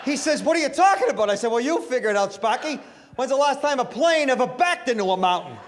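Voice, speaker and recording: Brash high-voiced stand-up comedian. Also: male voice, lively intonation, a little fast, background noise. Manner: brash, punchy delivery with sudden loud bursts. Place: comedy club stage with audience.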